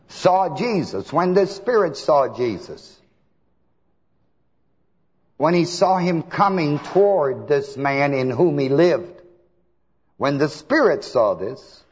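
A man preaching a sermon, asking his listeners to fill in words and swinging between soft talk and shouts. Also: medium pitch, slightly rough. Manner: asks the congregation to fill in words. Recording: long hall reverb, dull lo-fi sound.

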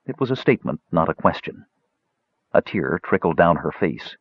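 A man narrating a fantasy audiobook in an expressive storytelling style. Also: sits low, normal speed, husky, no room sound. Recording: slightly dull lo-fi audiobook recording.

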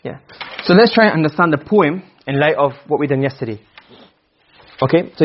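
A man teaching Arabic grammar to a class, asking questions and answering them himself, and reciting verses slowly. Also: fairly high pitch, lively intonation, muffled recording. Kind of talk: classroom lecture.

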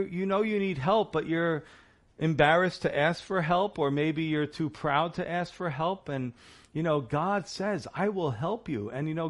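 A man preaching a sermon, earnest and encouraging, often asking the listeners rhetorical questions. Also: a little high. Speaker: pastor.

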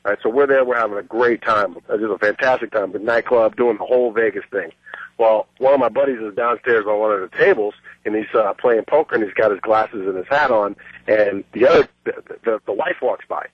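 A brash, boastful middle-aged man phones in to a radio show and tells a long story. His voice is lowish, brisk and slightly rough, and the recording is dry, coming through a muffled phone line.

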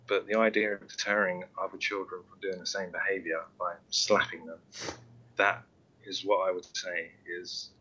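A man joining a podcast discussion on a call, halting, with many fillers and restarts. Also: low voice, pushed and bright, dull audio. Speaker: podcast guest.

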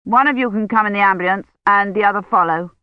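A woman voicing a brisk, commanding female doctor who gives curt orders. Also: mid-range voice, dry recording, natural voice. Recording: dull lo-fi recording.

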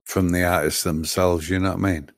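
A man's voice: low voice, flat delivery, a little fast, no room sound, studio quality. A man in casual chat who cuts in with blunt questions and remarks.

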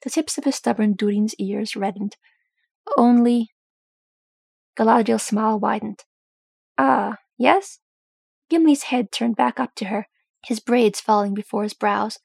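Brief: woman storybook narrator, gravelly and husky, even delivery. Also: mid-range voice, moderate pace, dry recording. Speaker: audiobook reader.

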